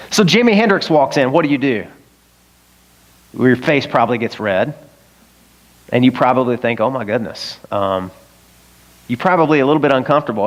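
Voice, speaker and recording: A man preaching a sermon as pastor, talking casually with frequent rhetorical questions to the congregation. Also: mid-range voice. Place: church service in a high school auditorium.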